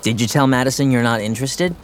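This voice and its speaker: A man playing a sarcastic, laid-back teenage boy with dry, deadpan humor in an audio drama. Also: medium pitch, fast talker, lightly acted. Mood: wry. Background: music.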